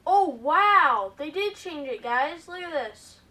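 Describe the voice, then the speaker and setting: Excitable high-voiced woman gaming host. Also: slow, far from the mic. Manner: excitable, keeps addressing viewers as "guys". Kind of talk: gameplay commentary.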